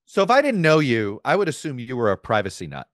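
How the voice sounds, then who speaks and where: A man's voice: mid-range voice, wildly swooping pitch, quick pace, no echo, clean studio sound. A man hosting a podcast interview, making his points conversationally with frequent asides of "you know" and "right?". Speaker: podcast host.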